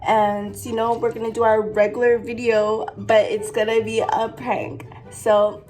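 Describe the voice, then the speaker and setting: A woman's voice: on the high side, level tone, normal speed, background noise. A young woman chatting casually to her camera as a vlogger, giggly and full of fillers, with a stuffy nose from allergies. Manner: giggly, talks with lots of fillers. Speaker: vlogger pranking her boyfriend.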